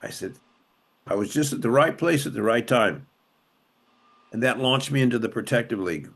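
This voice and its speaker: An older man from Los Angeles tells his story in an interview, pressing his points with repeated phrases. His voice sits in a middle pitch and swings up and down as the emotion takes hold. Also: animated, moderate pace, creaky, a bit bright, husky. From Los Angeles, USA. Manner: impassioned, emphatic repetition; emotional retelling, voice rising and dropping sharply. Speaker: interview guest, former police officer and city councilman. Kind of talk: conversational storytelling.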